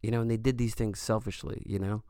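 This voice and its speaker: A man's voice: lowish voice, steady tone, fast, warm tone, clean tone, dry recording, studio quality. A man hosting a solo podcast, talking in a rambling, earnest and joking way with lots of fillers. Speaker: podcast host. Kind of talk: casual solo podcast monologue.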